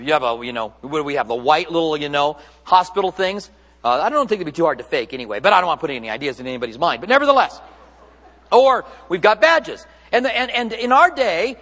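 A man's voice: high-pitched, fairly bright tone, long reverb tail. A man delivering a sermon as a pastor in a church, speaking in a conversational, joking way and often correcting himself mid-sentence.

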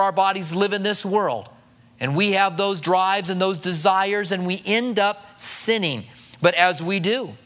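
A middle-aged pastor with a high, fairly bright voice preaches conversationally, acting out the voices of the people he quotes.

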